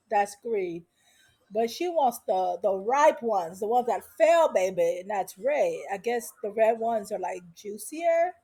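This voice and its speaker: A woman's voice: fairly high pitch, darkish tone. A woman vlogger recapping a show in a casual, sassy, teasing way, full of slang.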